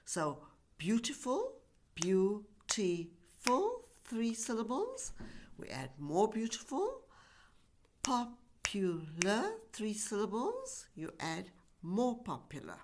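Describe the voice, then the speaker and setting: A woman's voice: fairly high pitch, huge pitch swings, slow pace, darkish tone, a little hiss or hum. A woman teaching English grammar in a recorded lesson, speaking carefully and stretching out example words. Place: university e-learning course.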